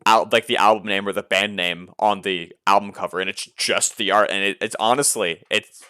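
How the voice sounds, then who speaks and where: A man's voice: fairly low pitch, moderate pace, smooth, no echo, studio quality. A man hosting a podcast, chatting casually about music with lots of fillers. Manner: relaxed, many fillers, enthusiastic about music. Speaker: podcast host.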